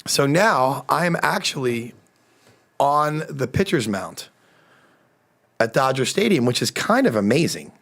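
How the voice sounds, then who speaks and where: A man with a medium-pitched voice and some vocal fry tells a comedic story on a casual podcast at a measured pace, leaving long pauses. He's animated, swears liberally, and plays out the people he quotes.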